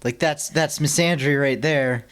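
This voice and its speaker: A woman's voice: low-pitched, measured pace. A woman hosting a podcast, dry and sarcastic, with blunt comebacks. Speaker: podcast host. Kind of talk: casual podcast chat.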